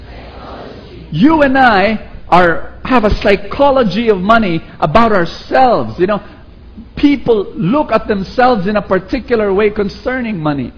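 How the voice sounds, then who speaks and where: A man preaching a sermon with a Filipino accent, animated and calling on the audience to repeat after him. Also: sits high, a little slow, lo-fi sound. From Philippines. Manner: animated, acts out quoted voices, calls for audience response.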